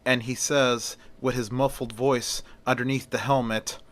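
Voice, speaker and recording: A man's voice: medium pitch, level tone, a little slow, a bit bright. A man telling a story casually, in an easygoing, folksy way. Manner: folksy, often opens with "well".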